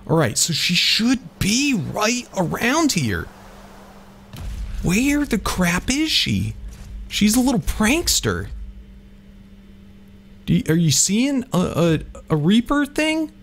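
A man giving excitable let's-play commentary over a game, often yelping and exclaiming. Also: sits high, takes it slowly, creaky, pauses often, a little hiss or hum. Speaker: gaming YouTuber.

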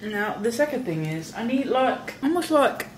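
A woman chatting casually to camera in her home kitchen, slangy and thinking out loud, now and then slipping into a put-on British accent. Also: a little high, sing-song, moderate pace, a little hiss or hum. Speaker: vlogger. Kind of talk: casual vlog chat.

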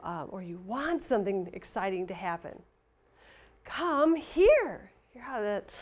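A woman teacher reading a story and giving a phonics and handwriting lesson to young children, speaking slowly, clearly and expressively. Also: mid-range voice.

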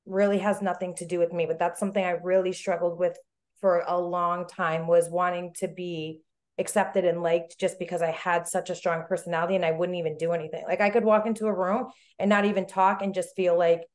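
A woman's voice: on the low side, little pitch movement, brisk, darkish tone. A woman guest in a casual interview, earnest and reflective, talking sincerely about her work. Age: adult, with a daughter. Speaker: guest, business owner.

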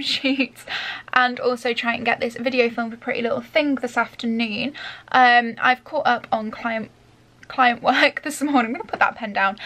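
A woman's voice: on the high side, gravelly, fairly bright tone. A young woman vlogging casually from her bedroom, rambling and chatty with lots of fillers, filmed on a handheld vlog camera. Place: bedroom at home.

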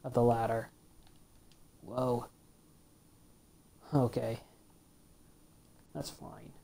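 A woman's voice: rumbling low, flat delivery, drawn-out words, vocal fry, mellow. A woman giving casual commentary while playing a video game, grumbling and dropping into half-whispered asides to herself. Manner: mutters half-whispered asides between exclamations; playfully complaining. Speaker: let's play gamer.

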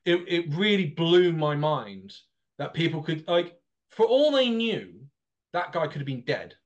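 A man, his voice sitting a little higher than most men's. He tells a long story with animated energy, carrying on from one point to the next in a casual political chat.

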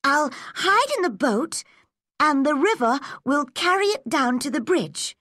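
A woman's voice: high-pitched, big pitch swings, a little slow, bright, forceful tone, no room sound, studio quality, voice pushed up, exaggerated voice. Woman putting on spirited girl Anne. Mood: playful. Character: imaginative young girl, proud and dramatic.

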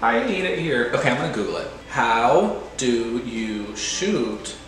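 A man plays a video game and offers casual, self-mocking commentary, his voice sing-song, a bit bright and a little slow. He's playful and lets out sudden high-pitched squeals. The rough recording is very echoey.

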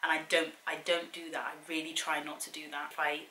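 In a low, level, brisk voice with a sharp tone, a young fitness and wellbeing vlogger earnestly motivates her viewers, chatting casually and challenging them directly. Faint background hiss and room echo are audible.

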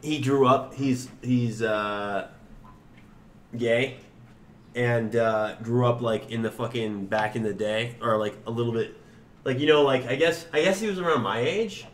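A man in his twenties co-hosting a podcast in casual chat, high and rambling, with lots of profanity. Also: unhurried. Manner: rambling, profane, laid-back, trails off. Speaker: podcast co-host.

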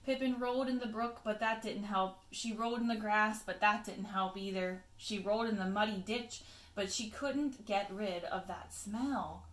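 Bright teacher reading a picture book. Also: female voice, mid-range voice, normal speed, roomy sound. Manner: expressive read-aloud with chatty asides to pupils.

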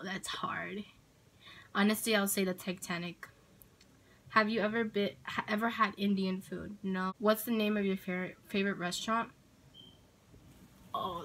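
A woman's voice: medium pitch, a bit bright, rough recording. A woman vlogger answering tag questions in a rambling, hesitant way, full of ums and likes. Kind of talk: casual Q&A tag video.

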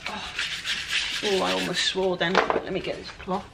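A woman's voice: lowish voice, flat delivery, normal speed, creaky, heavy background noise. A woman with a Welsh accent chatting casually and self-deprecatingly to viewers while she paints furniture outdoors. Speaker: furniture flipper. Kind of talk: casual DIY vlog narration. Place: outdoor work area with flies.

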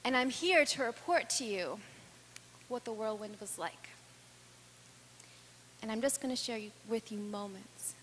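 A woman with a fairly high voice tells personal stories from a stage, earnest and deliberate, pausing for effect. Her words ring out with a long hall reverb, and a faint hum sits underneath. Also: fairly bright tone. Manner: earnest, dramatic pauses and rising intensity. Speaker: speaker. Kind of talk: personal storytelling speech.

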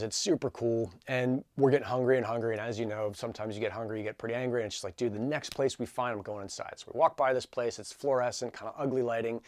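A man in his forties telling a story in a casual, energetic, chatty way, full of fillers like "like" and "dude". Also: medium pitch, dry recording. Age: 40s. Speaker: channel host.

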